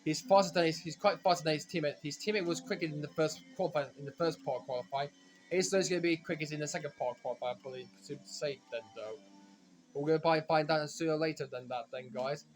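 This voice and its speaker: A man giving rambling, self-correcting commentary while playing a racing game, now and then breaking into frustrated shouts. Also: fairly high pitch, quick pace, faint music behind. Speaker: gaming commentator. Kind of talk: casual let's-play commentary.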